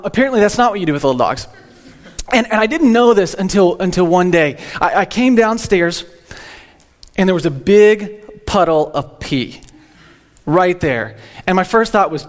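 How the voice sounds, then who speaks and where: A man's voice: sits high, animated, moderate pace. A young man, a teaching pastor, giving a humorous, rambling sermon in church with frequent restarts. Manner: jokey, rambling, repeats words when starting sentences.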